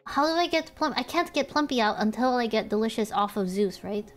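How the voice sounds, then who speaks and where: A fairly high-voiced woman chatting through a card game on stream, flustered and talking to herself as she plays. She swears under her breath and jumps up into loud squeals when she slips up. Faint music plays behind her. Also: lively intonation, brisk. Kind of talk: casual gameplay streaming.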